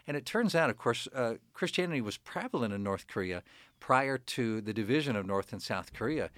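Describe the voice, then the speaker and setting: A man, a pastor guest in an interview, telling stories earnestly with frequent pauses and fillers. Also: medium pitch, expressive, fairly bright tone, no echo, studio quality. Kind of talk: conversational interview.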